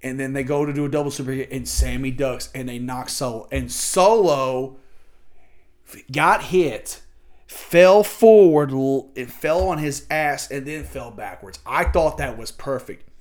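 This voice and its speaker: A man recapping wrestling matches in a casual, excitable way, with a voice of middling pitch. He jumps into quick impressions of the wrestlers and the commentators as he tells the story. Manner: excitable, acts out the wrestlers' lines. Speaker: wrestling podcast host.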